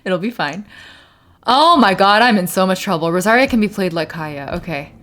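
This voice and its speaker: Chatty woman streamer with a lively voice. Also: a little fast. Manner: chatty, thinks aloud, switches into Mandarin at times; laughs often, bursts into high excited yelps. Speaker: variety streamer. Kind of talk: casual live-stream chat.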